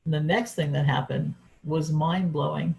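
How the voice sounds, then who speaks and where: A woman's voice: sits low, fairly even intonation, normal speed, gravelly, darkish tone, low-quality recording. A woman speaker giving an earnest, reflective talk about her own life. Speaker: event speaker. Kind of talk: personal storytelling talk.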